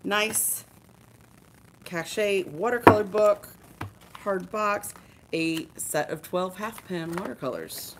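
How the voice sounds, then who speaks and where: A woman's voice: mid-range voice, slow, long pauses, background noise. A woman hosting a live art supply show, chatting and showing off products with enthusiasm while joking with her co-hosts. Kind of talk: casual live-stream product showcase.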